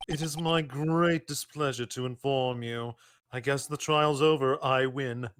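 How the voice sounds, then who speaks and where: A man's voice: mid-range voice, steady tone, a little slow, fairly bright tone. A man guesting on a game playthrough, reading the prosecutor's lines in a theatrical, mock-formal way. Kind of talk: playful voice-acting of game text. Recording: game music playing under the talk.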